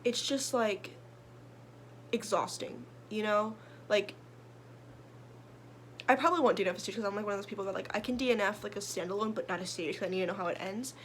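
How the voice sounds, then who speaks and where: A woman's voice: mid-range voice, fast talker, pauses often, a little hiss or hum. A young woman, a book vlogger, chatting casually about her reading list in a rambling way full of fillers and restarts. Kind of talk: casual chat.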